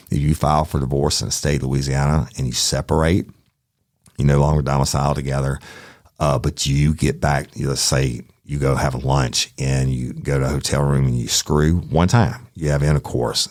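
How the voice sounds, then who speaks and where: Very deep, gravelly storyteller man. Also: no room sound, clean studio sound. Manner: profane, colloquial, addresses listeners directly. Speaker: true crime podcast host and storyteller. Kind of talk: casual spoken storytelling.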